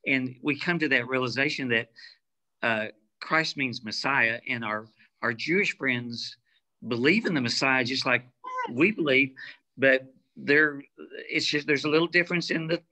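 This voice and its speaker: A man's voice: mid-range voice, moderate pace, sharp tone. A man co-hosting a faith talk show, responding with affirming interjections and reflective remarks. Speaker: co-host.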